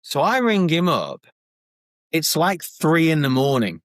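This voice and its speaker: A man co-hosting a podcast, telling an anecdote in an excitable, animated way. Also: fairly high pitch, measured pace, no echo, studio quality. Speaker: podcast co-host. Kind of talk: casual anecdote-telling chat.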